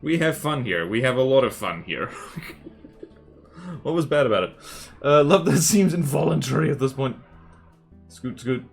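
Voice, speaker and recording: A man's voice: medium pitch, animated, moderate pace, gravelly, pauses often, faint music behind. A young adult man casually chatting while drawing on a livestream, playful, jokey and rambling.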